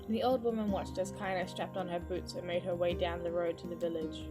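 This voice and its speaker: A woman's voice: on the low side, level tone, a little fast, hardly any pauses. A woman streamer reading a game's story aloud, breaking off to swear and chat casually. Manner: casual, swears at the game, chatty asides. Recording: voice with loud game music behind.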